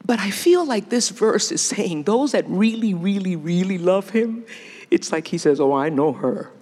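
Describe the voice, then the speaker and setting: A middle-aged woman delivers a sermon with a very lively pitch that rises and falls as she speaks. She talks playfully and laughs often. Her voice carries a long reverb from a large hall. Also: unhurried, husky. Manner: animated, laughing, playful asides.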